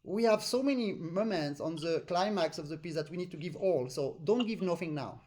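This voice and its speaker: A man with a high voice gives a live online accordion master class over a video call. His English has non-native phrasing. He often sings rhythmic syllables to show how a passage should sound. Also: expressive, moderate pace, darkish tone. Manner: explains with sung syllables to demonstrate phrasing. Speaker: accordion teacher.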